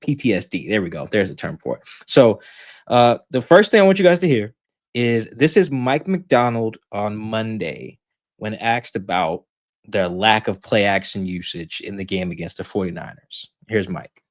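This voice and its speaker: A man's voice: on the low side, animated, moderate pace. Rambling, joking male sports co-host. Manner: joking, rambling, lots of fillers. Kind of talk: casual sports chat.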